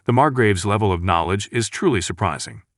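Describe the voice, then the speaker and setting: A man voicing a polite, flattering male guest at a noble's banquet in a recap story. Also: fairly low pitch, brisk, no echo, studio quality, close to an everyday voice. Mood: pleased.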